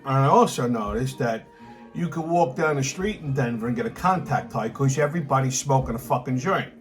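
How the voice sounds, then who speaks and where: A man's voice: mid-range voice, expressive, fairly quick, soft background music. A man hosting his own political commentary show, ranting angrily and emphatically with constant swearing. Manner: angry, emphatic, repeats himself, swears constantly. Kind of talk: profane ranting monologue.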